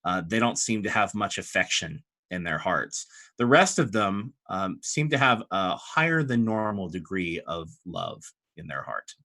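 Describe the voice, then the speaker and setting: A man narrating as game master of a tabletop game, chatty and relaxed, with frequent fillers. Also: deep voice, unhurried.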